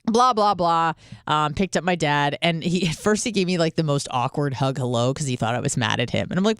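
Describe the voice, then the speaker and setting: A woman's voice: deep voice, brisk, clear, resonant tone, no room sound, studio quality. A woman in her thirties from the United States hosting a radio show, telling rambling stories with lots of swearing and quoted asides. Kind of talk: casual radio monologue.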